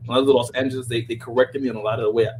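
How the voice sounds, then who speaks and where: A man's voice: mid-range voice, level tone, racing, darkish tone, a little hiss or hum, low-quality recording. A man with a Southern Louisiana accent chatting on a podcast, emphatic and rambling, repeating words when he gets heated. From New Orleans, Louisiana. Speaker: podcast host. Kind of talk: casual podcast chat.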